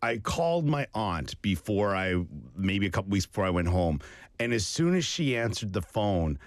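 A Canadian man chatting casually, an animated storyteller who acts out the voices in his anecdotes. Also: on the low side, normal speed, no room sound, clean studio sound. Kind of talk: casual chat.

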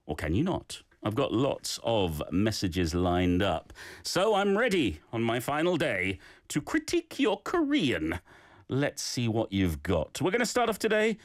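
A man's voice: mid-range voice, no room sound, studio quality. A man hosting a radio language segment, encouraging and playful as he gives feedback to listeners. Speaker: radio host.

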